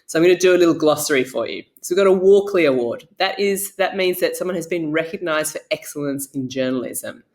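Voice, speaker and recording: A woman's voice: deep voice, quick pace, hardly any pauses, a little mellow. A woman presenting an educational video for primary school children in a playful, chatty way.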